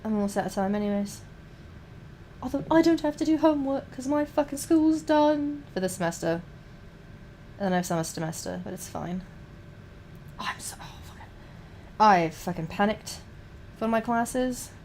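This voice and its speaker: A woman's voice: a little high, animated, moderate pace, a little mellow, a little hiss or hum. A young adult woman streamer, chatting casually and rambling while painting miniatures, swearing a lot and restarting her sentences.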